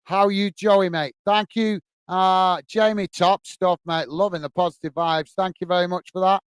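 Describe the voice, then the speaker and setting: A man's voice: high-pitched, fairly even intonation, moderate pace, clean tone, no room sound. A man hosting a football fan live stream, upbeat and full of repeated thanks as he reads out viewer comments. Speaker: host of a football fan channel.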